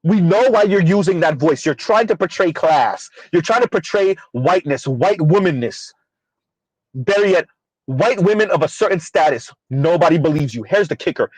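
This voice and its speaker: Blunt, high-pitched male commentator. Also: animated, moderate pace, slightly rough, no echo, poor audio. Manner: blunt and profane, with laughs and rhetorical questions. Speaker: commentary channel host. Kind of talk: casual commentary rant.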